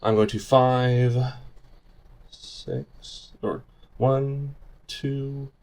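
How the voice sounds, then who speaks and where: A man playing a tabletop game who plans his moves in a wry, deliberate way. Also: medium pitch, steady tone, a little mellow. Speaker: player.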